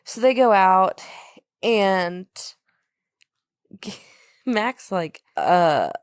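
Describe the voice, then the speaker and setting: A woman's voice: mid-range voice, very slow, clear, resonant tone, no echo, studio quality. A woman co-hosting a casual podcast, bluntly recapping a film and swearing offhandedly. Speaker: podcast co-host. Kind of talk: casual film discussion chat.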